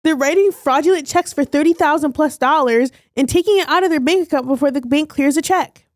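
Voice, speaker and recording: A woman's voice: high-pitched, fairly quick. A young woman co-hosting a podcast in casual, teasing chat. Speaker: podcast co-host.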